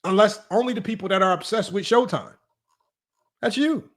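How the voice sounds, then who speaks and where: Guy running a sports stream, kinda high voice, animated and teasing. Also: normal speed. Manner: animated, teasing, voice jumps high in mock disbelief. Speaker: livestream sports talk host. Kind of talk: casual livestream chat.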